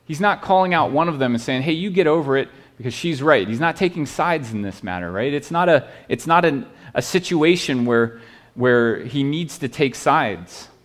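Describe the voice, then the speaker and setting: A male pastor delivers a sermon in an earnest, pleading way. His voice sits at a middle pitch, and he often restarts phrases and checks in with the listeners with "right?". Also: lively intonation, normal speed.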